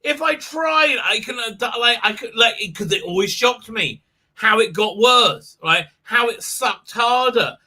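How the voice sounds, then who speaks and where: A man's voice: very high-pitched, expressive, unhurried, pushed and bright. A man with an Israeli accent hosting a casual live stream, rambling and swearing, laughing often and reading viewer comments aloud. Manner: rambling, profane, laughs often, many fillers. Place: home office.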